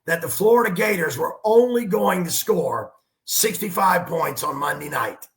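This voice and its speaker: High gravelly guy, coach telling a story, punchy and animated, bit echoey room. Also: normal speed. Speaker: basketball coach guest. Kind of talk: storytelling sports talk.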